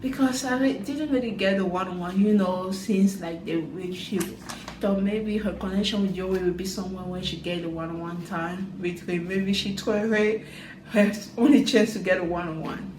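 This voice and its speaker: A woman recapping a dating show in casual chat, talking loosely with quick asides and loose grammar. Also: medium pitch, steady tone, darkish tone, echoey room, a little hiss or hum, low-quality recording. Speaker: reality TV recap vlogger.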